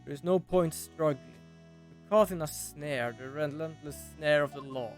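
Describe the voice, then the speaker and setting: A cool, brooding masked prosecutor who speaks in a low, dramatic register, voiced by a man reading a game. Every line is delivered smooth and unhurried. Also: faint music behind, lightly acted.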